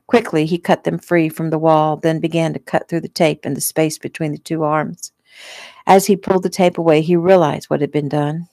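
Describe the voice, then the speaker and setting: A woman's voice: deep voice, flat delivery, normal speed, vocal fry, mellow, no room sound. A woman author reading her own novel aloud casually and unpolished, as if at home. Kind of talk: casual audiobook narration.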